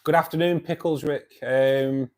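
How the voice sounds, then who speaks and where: A chatty man from the Manchester area, speaking with a broad Mancunian accent at a mid-range pitch. He hosts a relaxed live stream from home, reading out viewers' comments and answering them by name in an easy, familiar way. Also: a little slow. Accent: Mancunian English. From Manchester area, England. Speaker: live stream host of a fish club. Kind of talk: casual live stream chat. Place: home by his fish tank.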